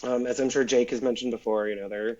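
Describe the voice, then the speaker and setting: A man in casual podcast conversation, telling a story in a lively way, acting out quoted lines and using many fillers. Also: medium pitch, fast, lo-fi sound. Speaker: guest, former automotive PR man.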